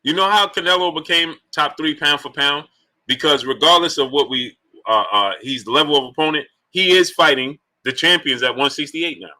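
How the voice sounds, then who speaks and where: Male livestream host, bright sharp tone, chatty and animated. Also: fairly high pitch, normal speed. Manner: animated, shouts out viewer names between opinions. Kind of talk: casual live stream chat, reading super chats.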